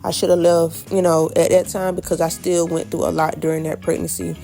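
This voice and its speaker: Gravelly woman telling a storytime. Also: lowish voice, fairly quick, faint music behind. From Florida. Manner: animated, addresses viewers as y'all, acts out quotes. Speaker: vlogger. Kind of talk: storytime vlog, casual chat.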